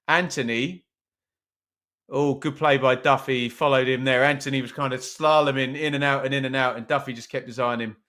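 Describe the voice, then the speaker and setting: A man's voice: medium pitch, steady tone, a little fast, bright, forceful tone. A man hosting a live football watch-along, chatting casually, joking about himself and answering viewers' comments. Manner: chatty, self-mocking, reads chat aloud.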